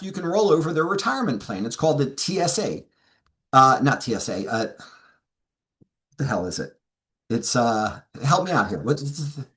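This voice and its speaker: A man's voice: fairly high pitch, a bit bright. A middle-aged man giving a seminar talk as a sales trainer, telling stories and acting out both sides of client conversations.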